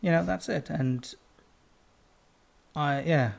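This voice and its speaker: A man's voice: fairly high pitch, slow pace, gravelly. A young man co-hosting a casual podcast, sarcastic and full of stammered restarts. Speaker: podcast co-host.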